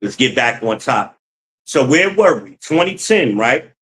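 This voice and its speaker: Casual livestream host, a man. Loose, profane and animated, mid-pitched voice. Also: unhurried, a little hiss or hum, low-quality recording. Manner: profane, animated, laughs often, talks to chat as y'all. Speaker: livestream host reading chat.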